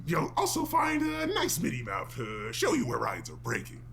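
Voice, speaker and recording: A man's voice: on the high side, huge pitch swings, moderate pace, vocal fry, crowd noise, heavily acted. A man voicing a stingy male circus boss who narrates a game and tells the player what to do. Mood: instructive. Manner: instructive narrator that bursts into angry yelling.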